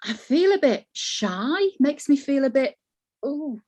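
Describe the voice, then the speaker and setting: A woman's voice: high-pitched, slow pace, highs cut off. A woman with a Northern English Manchester accent, chatting as an interview guest, laughing often as she tells stories. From north of England. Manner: warm, laughs often, animated storytelling. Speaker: voiceover artist, guest. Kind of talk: casual interview chat.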